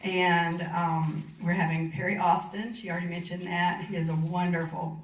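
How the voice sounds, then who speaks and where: A woman hosting a meeting, making announcements and introducing the speaker in a friendly, relaxed way. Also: fairly low pitch, moderate pace. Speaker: meeting host. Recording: distant mic in a roomy hall, faint noise.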